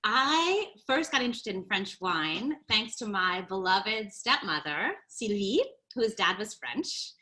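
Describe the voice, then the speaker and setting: An American woman wine educator, a guest on a video call, articulate and quick to laugh. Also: mid-range voice, lively intonation. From United States. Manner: warm, articulate, laughs easily. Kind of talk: interview guest.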